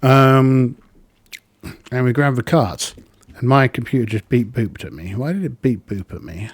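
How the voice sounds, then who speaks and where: A man's voice: mid-range voice, measured pace, husky, dry recording. A man narrating his solo tabletop game, thinking aloud with plenty of ums.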